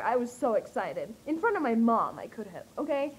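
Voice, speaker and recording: A young woman telling an excited vlog story, gushing and breathless, with lots of fillers. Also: a little high, normal speed, hardly any pauses, slightly rough, low-quality recording. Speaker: vlogger.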